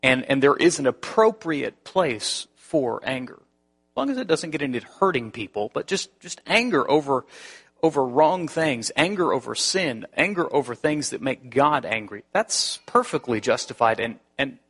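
Bright-voiced preacher telling a story. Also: male voice, medium pitch, moderate pace, slightly rough. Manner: animated storytelling with many restarts. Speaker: pastor. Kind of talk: sermon.

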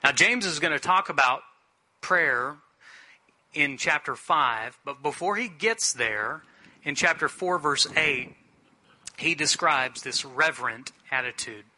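A middle-aged male pastor preaching a sermon in an earnest, plainspoken way, slowing down to stress key phrases. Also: a little high, bright, forceful tone.

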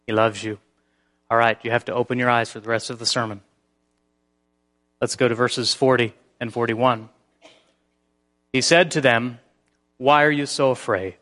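A man preaching a sermon as pastor. His delivery shifts between hushed, near-whispered passages and emphatic, rising peaks. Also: medium pitch, fairly even intonation, moderate pace, pauses often.

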